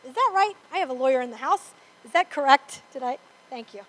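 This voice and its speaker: A woman's voice: sits high, expressive, a little fast, fairly bright tone, rough recording. A woman preaching to a congregation, emphatic and repetitive, often asking "Amen?". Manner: emphatic, repeats for stress, asks the congregation "Amen?". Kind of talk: sermon. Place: church before a congregation.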